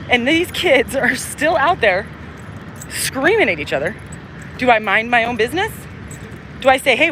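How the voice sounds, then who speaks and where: A middle-aged woman vlogger rambles while walking outdoors on a busy city street, short of breath in the humid heat. She digresses, swears freely and trails off with "anyways." Her voice is high-pitched and a bit bright, and the low-quality recording picks up street noise and passing cars.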